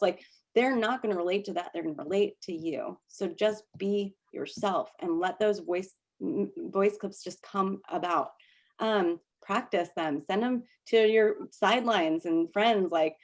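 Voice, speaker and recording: A woman's voice: mid-range voice, unhurried. A woman presenting a casual workshop over a video call, laughing often and restarting her sentences as she coaches. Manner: chatty, laughing, many restarts.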